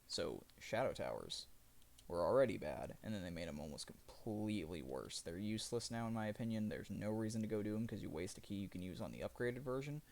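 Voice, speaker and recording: A man's voice: sits low, gravelly, a little hiss or hum. A man streaming live, chatting casually and rambling about a video game, often correcting himself mid-sentence. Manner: rambling, self-correcting gamer talk. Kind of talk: casual livestream chat.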